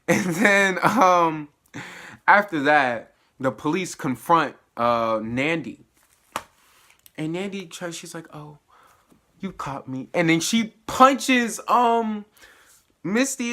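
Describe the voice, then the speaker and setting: A man at home giving a slangy, animated spoken recap of a TV episode, dropping to low mutters and jumping to high exclamations and laughing often. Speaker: TV episode reviewer. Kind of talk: casual spoiler recap.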